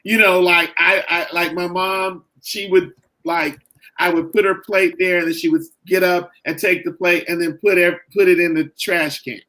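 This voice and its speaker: A middle-aged man, a caregiver and author, talking earnestly in a podcast interview, halting and full of "you know" and "like". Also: high-pitched, level tone, pushed and bright, poor audio.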